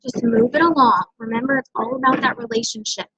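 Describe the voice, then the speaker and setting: Here a senior direct-sales team leader fires up her team, talking fast in a slightly high, steady voice that's pushed and bright with a breathy edge. Her delivery is emphatic and coaching, with frequent "okay?" tags. The audio is dry and lo-fi.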